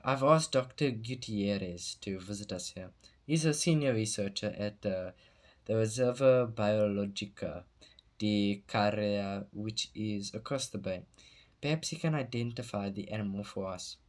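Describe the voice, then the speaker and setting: A man's voice: on the low side, a little mellow, lightly acted. A man reading as a formal country doctor. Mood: calm. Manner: measured, polite explanation.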